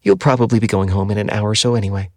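Man reading a brisk nurse, deep, gravelly, matter-of-fact. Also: a little mellow, no room sound, lightly acted. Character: brisk no-nonsense woman nurse.

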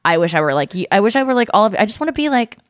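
A woman hosting a podcast in casual chat, animated and self-mocking, swearing freely. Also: medium pitch, rapid-fire, no echo, studio quality. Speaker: podcast host.

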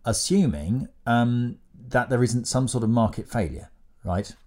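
A man's voice: medium pitch, unhurried, a little mellow. A man co-hosting a podcast, explaining at length in a casual, drily humorous way. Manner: explains at length with many fillers and restarts, dry humour. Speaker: podcast co-host.

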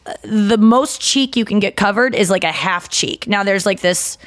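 A woman's voice: medium pitch, normal speed. A young woman co-hosting a podcast, chatting casually in a blunt, profane, self-mocking way. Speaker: podcast co-host. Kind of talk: casual chat.

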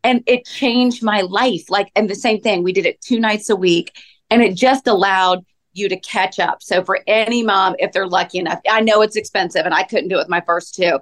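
Animated woman in her forties. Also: mid-range voice, normal speed. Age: 40s. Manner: animated storyteller, acts out her own past lines. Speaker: podcast guest. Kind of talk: casual chat.

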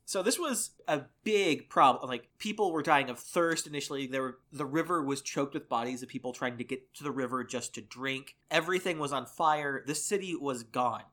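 A man's voice: mid-range voice, moderate pace, few pauses, bright, forceful tone. A man hosting a history podcast, telling events in a loose, conversational way with many restarts. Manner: explains, with restarts and "like". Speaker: podcast host. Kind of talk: casual history podcast chat.

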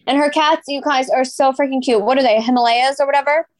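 A woman's voice: sits high, steady tone, no room sound. Gushing, chatty woman podcast co-host. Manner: gushing, chatty, quick reactions. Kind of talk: casual gossip chat.

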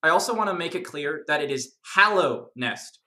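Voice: mid-range voice, animated, normal speed, sharp tone, roomy sound. A podcast guest explaining game lore in casual chat, enthusiastic and rambling with many fillers.

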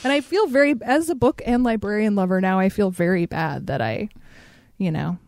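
A woman's voice: mid-range voice, brisk, a little mellow, no room sound. A woman hosting a casual chat, asking questions and poking fun at herself. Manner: chatty, self-deprecating, asks questions. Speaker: podcast host.

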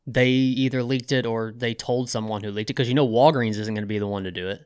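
A man's voice: mid-range voice, fairly even intonation, fast, clean tone, no echo, clean studio sound. Hesitant man in casual podcast chat. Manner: hesitant, repeats words when starting. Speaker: podcast co-host.

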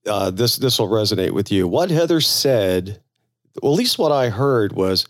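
A man's voice: lowish voice, animated, normal speed, no room sound, clean studio sound. Rambling earnest podcast co-host man. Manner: rambling, earnest, repeats words as he talks. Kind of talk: casual podcast chat.

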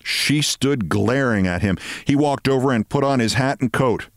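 A male podcast host reading a short story aloud with expressive storytelling. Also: medium pitch, normal speed, no echo, studio quality. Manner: expressive storytelling, shifting voices.

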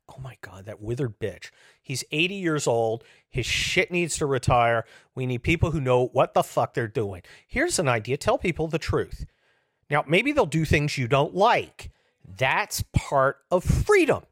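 A man in his fifties rants in a profane, sarcastic comic monologue, his pitch swooping from low mutters up to loud, mocking highs. He sounds fed up and combative. The recording is dry and close, with no room sound. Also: big pitch swings, a little slow, no room sound. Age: 50s. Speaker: host. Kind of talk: comedic political rant.

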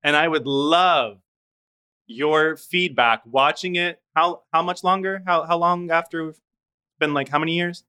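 A man hosting a casual chat over a video call, animated and teasing. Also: a little high, a little slow, clear, resonant tone. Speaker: podcast host.

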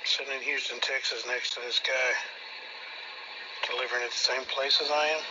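A man voicing a friendly male truck driver with low-key, drawled suggestions, heard in a played clip. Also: steady tone, a little fast, muffled recording, noisy background, lightly acted. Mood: laid-back.

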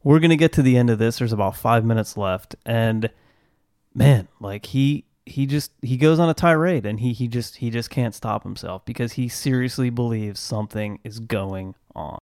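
A man's voice: medium pitch, moderate pace, darkish tone, no room sound, clean studio sound. A man co-hosting a podcast, commenting on clips in a casual, conversational way. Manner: conversational, hesitant restarts. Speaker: podcast co-host.

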